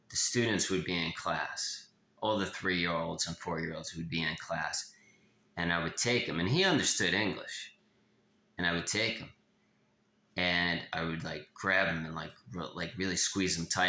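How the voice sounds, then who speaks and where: A man giving a blunt, profane confessional monologue as an author, halting and restarting often. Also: low voice, pushed and bright, reverberant. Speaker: author of a self-help memoir.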